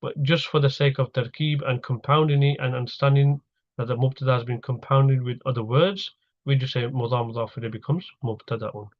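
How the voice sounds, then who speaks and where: A man's voice: mid-range voice, fairly even intonation, a little fast. A man with a middle-range voice leads a recorded grammar lesson. He explains each step patiently and repeats the key terms. The recording sounds slightly dull and lo-fi. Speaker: Arabic grammar teacher.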